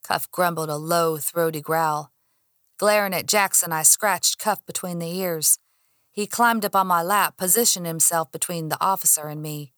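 A woman reading a first-person audiobook in an expressive way, acting out her own heated lines. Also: on the low side, normal speed, dry recording, clean studio sound. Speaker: audiobook narrator.

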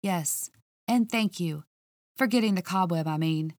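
A woman voicing a flustered, snappy young woman sleuth who talks back quickly and defensively. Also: on the low side, darkish tone, dry recording, studio quality, close to an everyday voice.

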